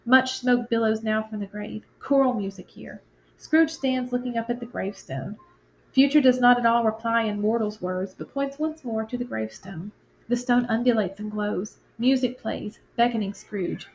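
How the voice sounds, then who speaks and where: A woman's voice: fairly high pitch, moderate pace, creaky, slight background noise. Woman teacher reading a play to a class. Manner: plain, explanatory and conversational. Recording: lo-fi, dull sound.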